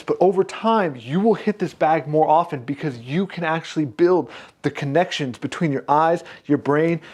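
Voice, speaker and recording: A man demonstrating a punching bag while training, energetic, calling out strikes, a little out of breath. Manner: energetic, punctuates moves with 'boom' and 'pop'. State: slightly out of breath. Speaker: fitness instructor. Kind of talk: product demo while training.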